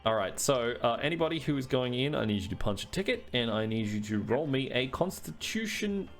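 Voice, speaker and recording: A man's voice: mid-range voice, very animated, fairly quick. A man narrating a tabletop game as dungeon master. He talks loosely and chattily, full of fillers and restarts. Faint music plays underneath.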